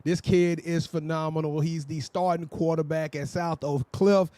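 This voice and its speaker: A man from Texas co-hosting a sports talk show, hyping up local athletes in a casual, energetic way. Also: on the high side, normal speed, no echo. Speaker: sports podcast co-host. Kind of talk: casual chat.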